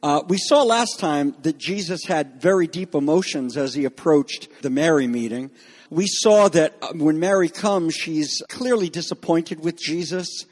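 A man preaching an expository sermon in a measured teaching manner, acting out the quoted lines. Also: a little high, darkish tone, in a large hall.

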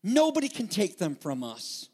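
A man preaching a sermon with passion, moving between loud emphatic peaks and hushed, intimate asides. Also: high voice, huge pitch swings, moderate pace, slightly rough, big-room sound. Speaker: pastor.

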